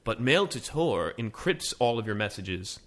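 A man co-hosts a casual tech chat show, speeding through stories with plenty of restarts and tangents. His pitch swings widely as he talks, lively and animated throughout. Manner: fast, rambling, animated. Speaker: podcast co-host.

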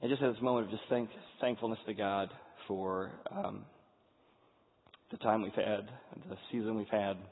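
A man's voice: on the low side, fairly even intonation, normal speed, slight background noise. A man in his forties speaks to an audience, telling an earnest personal story with frequent restarts. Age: 40s. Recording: tinny, echoey hall sound.

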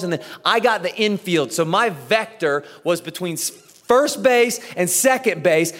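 A man in his thirties preaching a sermon, telling a story with lively acted-out dialogue. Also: sits high. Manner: animated storytelling, acts out dialogue. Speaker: pastor. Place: church auditorium. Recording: echoey church hall.

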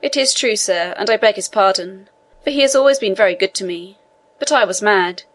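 A woman's voice: mid-range voice, fairly quick, fairly bright tone, natural voice. A woman voicing a young male sailor held in prison, earnest and imploring in a storybook reading. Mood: pleading.

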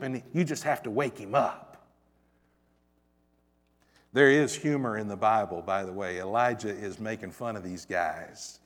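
A man preaching a sermon with scripture reading, dramatic, swinging from loud emphasis to quiet asides with wry humor. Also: lowish voice, a little slow, long pauses. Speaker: pastor. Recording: long reverb of a large hall.

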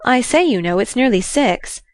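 A bright, eager young son, as a woman puts him on, lifted higher than her own reading voice and full of quick, earnest questions. He sounds bewildered and keen at once, read dry and close like a storybook recording with no room around it. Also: lively intonation, no room sound, natural voice.

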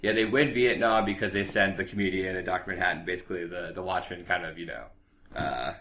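A young man with a deep, low voice talks loosely through a story recap. He piles on fillers and restarts and drops into quick impressions of characters. Casual chat with friends. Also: bright, forceful tone, slight background noise. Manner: rambling, filler-heavy, acts out characters' lines.

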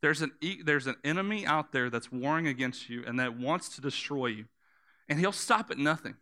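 Bright, crisp-voiced man preaching. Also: a little high, expressive, moderate pace. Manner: vivid storytelling, repeating words for emphasis; guides listeners to close their eyes and imagine. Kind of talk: sermon.

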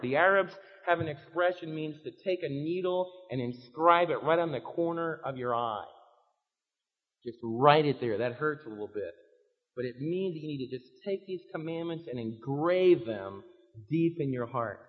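A man preaching a sermon, emphatic, swinging between loud urging and quiet pleading. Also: on the high side, animated, normal speed. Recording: reverberant hall, dull lo-fi sound.

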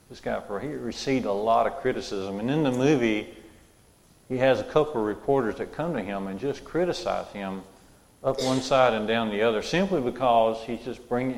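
Male preacher, gravelly mid-pitch voice, chatty sermon style, church reverb. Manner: conversational, repeats and restarts phrases.

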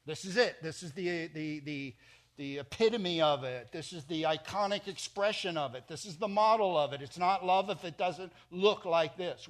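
Middle-aged guy preaching, a bit high-pitched, gets loud then drops quiet. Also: moderate pace. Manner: emphatic preaching, sudden swings between loud and soft. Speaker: pastor. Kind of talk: sermon. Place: church.

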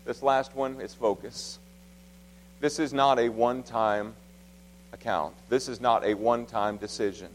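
A man in his thirties preaching a sermon in a church, swinging from loud, emphatic exhortation to soft, hushed storytelling. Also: medium pitch, fairly even intonation, a little slow, a little hiss or hum. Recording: long reverb of a large hall.

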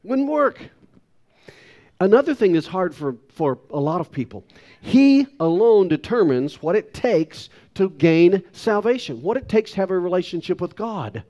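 A man in his sixties preaching a sermon, his fairly high voice swooping animatedly up and down. He leans hard on key words and pokes fun at himself as he goes. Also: big pitch swings, measured pace, darkish tone. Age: 60s. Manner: emphatic preaching with wide pitch swings, self-deprecating asides. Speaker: pastor.

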